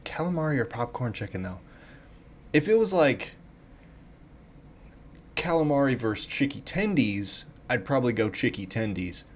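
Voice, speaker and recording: A man taking online quizzes in casual commentary, thinking out loud, swearing freely and playing up mock indignation. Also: mid-range voice, animated, normal speed, pauses often.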